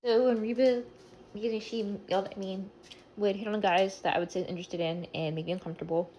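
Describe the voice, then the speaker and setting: A young woman races through a get-ready-with-me confession, her words tumbling out breathless and scattered. She talks into a phone held at arm's length in her home, at a middling pitch. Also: steady tone, fairly quick, mellow, slight background noise. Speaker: vlogger.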